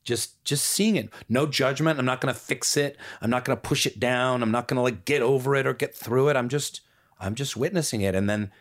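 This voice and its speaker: A man speaking as a podcast guest, calm and musing, sometimes trailing off softer. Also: mid-range voice, brisk. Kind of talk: reflective conversational talk.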